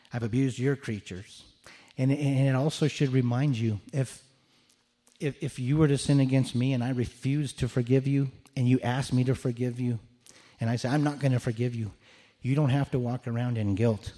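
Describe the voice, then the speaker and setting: Earnest man preaching, mellow voice. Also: medium pitch, steady tone, normal speed. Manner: earnest, repeats words when restarting phrases. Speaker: pastor. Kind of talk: sermon.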